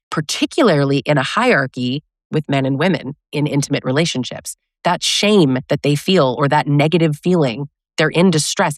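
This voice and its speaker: A woman's voice: low voice, no room sound, clean studio sound. A woman relationship coach giving a direct, conversational talk, often asking rhetorical questions. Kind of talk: educational talk to camera.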